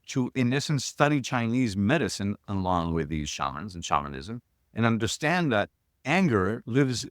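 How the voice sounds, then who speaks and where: At a medium pitch, an earnest man in his sixties recounts personal stories as a guest, pausing to reflect and often beginning sentences again. He teaches shamanism, and the studio-quality recording has no echo.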